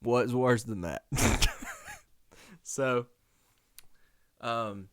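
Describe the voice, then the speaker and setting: Young male podcast host, animated and slangy, with a smooth tone and close, dry mic sound. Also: medium pitch, extremely slow, dry recording. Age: young adult. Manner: animated, slangy, laughs often. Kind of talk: casual storytelling.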